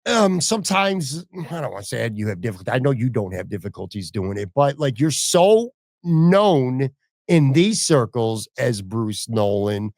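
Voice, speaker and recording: A man's voice: mid-range voice, very animated, normal speed, a little mellow, no room sound, clean studio sound. A man hosting a casual podcast interview, asking long rambling questions with speech. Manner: chatty, rambling questions with fillers. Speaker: podcast host.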